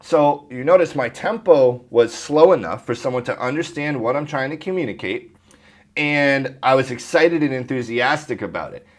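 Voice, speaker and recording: A man coaching viewers on phone sales, talking to camera in a brisk, direct way and often clearing his throat. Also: medium pitch, lively intonation. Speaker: insurance telesales trainer.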